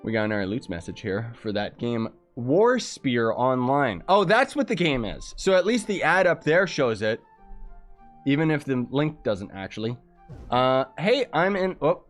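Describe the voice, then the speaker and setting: A man's voice: mid-range voice, big pitch swings, measured pace, soft background music. A young man from Canada chatting casually while livestreaming a game, reading chat messages aloud and making jokey asides. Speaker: livestreaming gamer.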